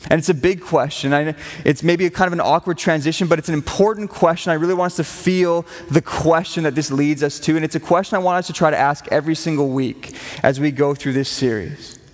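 Male pastor, earnest and emphatic sermon delivery, slightly higher voice, live in a church with a lingering echo. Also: brisk, few pauses. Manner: earnest, emphatic preaching with repeated phrases. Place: church hall. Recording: long hall reverb. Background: congregation.

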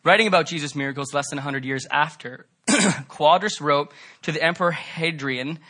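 A man preaching a sermon, fervent and emphatic, rising to loud peaks and dropping to soft, pleading tones. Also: fairly high pitch, moderate pace. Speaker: pastor.

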